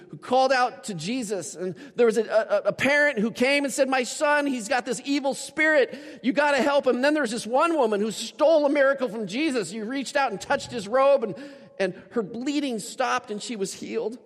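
A man preaching a sermon as a pastor, storytelling with animated shifts and acting out the people he quotes. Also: extremely high pitch, brisk. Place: church. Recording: church hall with long reverb.

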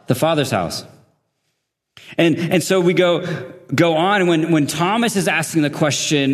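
A man's voice: on the high side, moderate pace, long reverb tail. A man preaching as a guest at a church service, conversational, with laughing asides and questions to the congregation. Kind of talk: sermon. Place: church sanctuary.

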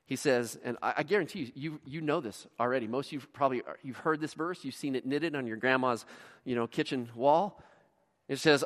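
A high-pitched male pastor delivers a sermon in a large church auditorium. His storytelling is animated, sinking to near hushes and rising to shouts. The hall gives his voice a long, lingering reverb. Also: normal speed. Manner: animated storytelling, dramatic swings from quiet to shouting.

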